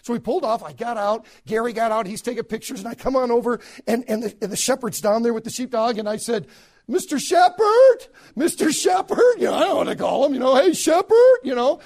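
An American man, a pastor, telling a story in a sermon to other preachers, animated and repeating words as he goes. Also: very high voice, quick pace, few pauses. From United States.

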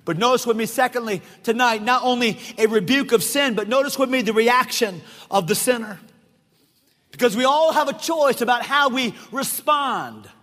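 A middle-aged male pastor preaching a sermon, emphatic, often shouting and repeating phrases for effect. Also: very high-pitched, normal speed. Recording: long reverb of a large hall.

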